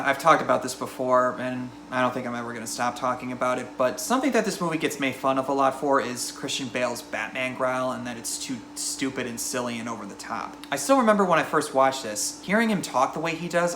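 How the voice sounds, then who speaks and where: A man with a bright, forward voice reviewing a film in a chatty, offhand way. He jumps into quick impressions of characters as he goes. The room is echoey, and a faint hiss sits underneath. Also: mid-range voice. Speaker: movie reviewer.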